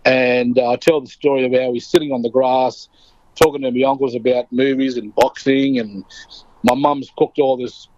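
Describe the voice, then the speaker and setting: A man's voice: mid-range voice, steady tone, moderate pace, a little mellow, no room sound, muffled recording. A middle-aged Australian man telling an anecdote as an interview guest, acting out the voices of the people in his story.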